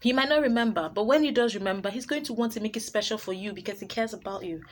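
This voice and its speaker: A woman's voice: fairly high pitch, fast, slight background noise. A woman hosting her own advice vlog, talking to camera in a blunt, emphatic way. She laughs easily and often repeats her points. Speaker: vlogger host.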